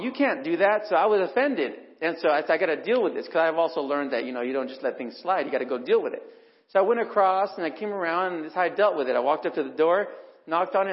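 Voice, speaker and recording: Middle-aged male preacher, conversational storyteller, slightly high voice, muffled hall recording with long echo. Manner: conversational storytelling, acts out quotes. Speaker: pastor. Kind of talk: sermon with personal stories. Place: church hall. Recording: dull recording in a reverberant hall.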